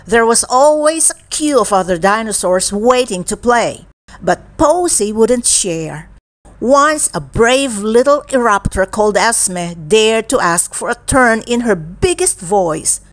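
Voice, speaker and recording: Woman reading a kids picture book out loud, really slow, super lively up and down tone. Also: fairly high pitch. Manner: slow, expressive and animated reading. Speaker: storybook reader. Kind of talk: children's bedtime story read-aloud.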